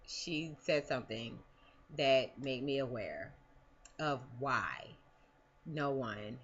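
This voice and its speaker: A woman's voice: very deep voice, fairly bright tone, highs cut off. A woman talking casually in a personal vlog, rambling with many fillers and restarts. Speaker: vlogger.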